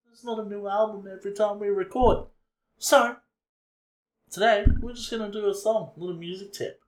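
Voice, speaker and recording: A man's voice: sits high, fairly even intonation, moderate pace, roomy sound. A man co-hosting a hobby podcast, joking and crude in casual banter. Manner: joking, crude, frequent laughter. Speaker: podcast co-host.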